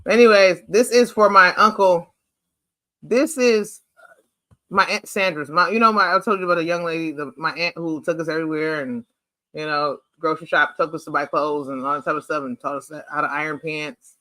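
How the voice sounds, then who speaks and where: A man hosting a casual chat over family photos, animated and playful, rambling with lots of "like". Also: a little high, brisk, no echo. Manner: rambling, chatty, heavy use of "like". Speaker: host.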